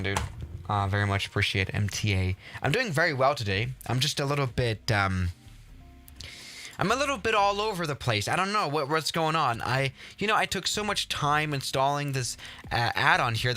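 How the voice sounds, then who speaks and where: A man's voice: mid-range voice, bright, forceful tone. A man hosting a livestream and commenting casually on his game, rambling and exasperated, with mild swearing. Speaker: livestream host.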